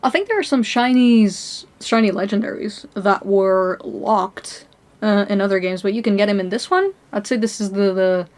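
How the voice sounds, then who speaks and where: Speaking at a normal speed in a mid-range, darkish voice, this young woman from Portugal plays a video game on a live stream while casually talking to viewers. She responds to chat in a chatty way, frequently laughing and letting her sentences trail off.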